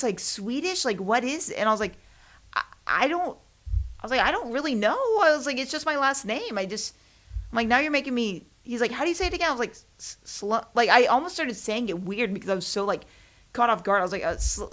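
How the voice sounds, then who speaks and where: A woman's voice: fairly high pitch, lively intonation, fast talker, fairly bright tone. A young woman hosting her own podcast, chatting casually in a rambling, self-deprecating way with frequent laughs. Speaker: podcast host. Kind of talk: casual solo chat.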